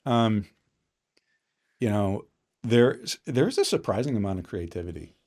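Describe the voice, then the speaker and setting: A middle-aged man, a guest on a podcast, tells stories in casual chat. He is relaxed, chuckles often and starts his sentences over. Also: fairly low pitch, unhurried. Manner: relaxed, chuckling, trailing restarts. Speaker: podcast guest, finance executive.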